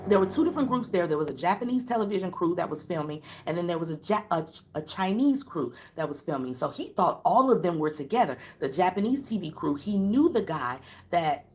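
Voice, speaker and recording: A woman's voice: on the low side, very animated, fairly quick, hardly any pauses, darkish tone, faint music behind. A woman giving casual live-stream commentary, speaking emphatically, repeating her points and talking straight to her viewers. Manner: addresses viewers directly.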